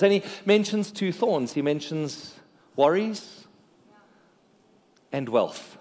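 A male pastor preaching a sermon in a lively, joking way, talking straight to his congregation. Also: fairly high pitch, slow, long pauses. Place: church. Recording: long reverb of a church hall.

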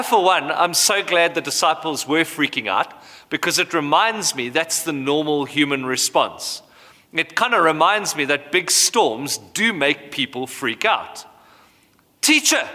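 A man in his thirties preaches a sermon, bringing the story to life with lively telling. His voice is bright and sits a little high. It carries a long hall reverb. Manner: animated storytelling, acts out voices. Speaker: pastor.

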